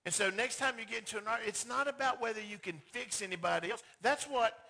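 A man preaching with a high, bright voice that cuts through. He speaks emphatically and directly to his congregation. He often slips into short acted-out dialogues to drive his points home. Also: quick pace. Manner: emphatic, acts out quoted dialogue in skits. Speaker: pastor. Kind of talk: sermon.

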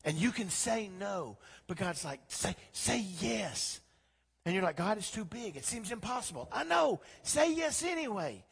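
A man preaching a sermon as pastor, swinging from quiet talk to loud, impassioned exhortation. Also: a little high, creaky, breathy edge, in a large hall. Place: church sanctuary.

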